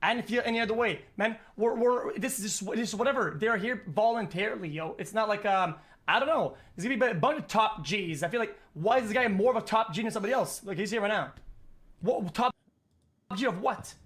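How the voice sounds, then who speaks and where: High, bright, rapid-fire streamer guy. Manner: rapid, slangy, challenging. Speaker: streamer on a debate panel. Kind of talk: casual online debate.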